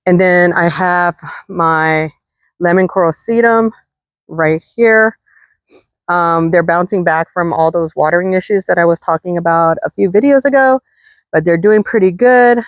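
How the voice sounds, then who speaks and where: A woman with a fairly low voice speaks a bit slowly in a dry recording. She's vlogging from her desert garden outdoors, chatty and enthusiastic with her viewers while short of breath from the heat, in a casual gardening video.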